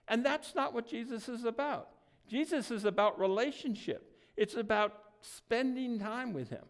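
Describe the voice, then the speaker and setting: A man delivers a sermon in a relaxed, conversational way, often checking in with his listeners. His voice sits fairly high for a man and has a gravelly, fry-laden edge. He fills his pauses with soft "um"s. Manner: conversational, frequent "um" and "right?". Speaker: pastor.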